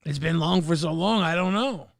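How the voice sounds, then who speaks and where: A man's voice: fairly high pitch, moderate pace, creaky, no room sound, clean studio sound. A man co-hosting a livestream, rambling and joking with a lot of swearing. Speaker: co-host. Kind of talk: casual livestream chat.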